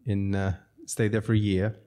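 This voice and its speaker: A man's voice: fairly low pitch, flat delivery, normal speed, dark tone. A man from South Africa, a podcast guest, telling long rambling stories in a casual way and laughing between sentences. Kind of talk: casual storytelling.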